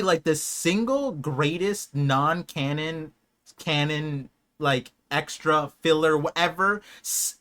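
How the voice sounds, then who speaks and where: A young man streaming a live watch party, reacting with excited, emotional outbursts that swing between hushed awe and loud shouts. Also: on the high side.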